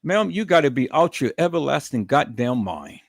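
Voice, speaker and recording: A creaky, medium-pitched voice with big pitch swings and a moderate pace belongs to a middle-aged livestreamer, captured studio-clean without echo. In his angry, profane rant he calls out to his "peoples," repeats words when riled and turns suddenly loud.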